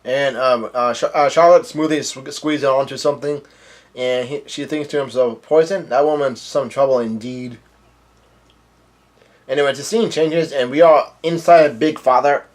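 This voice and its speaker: A man's voice: mid-range voice, fairly even intonation, normal speed. Man casually recapping a comic chapter. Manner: recaps and reads dialogue in a plain, offhand voice. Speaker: manga chapter reader. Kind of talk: casual reading with commentary.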